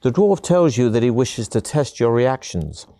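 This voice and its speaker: A man narrating a fantasy video game in scripted second person, in a calm, measured storytelling manner. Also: mid-range voice, no room sound.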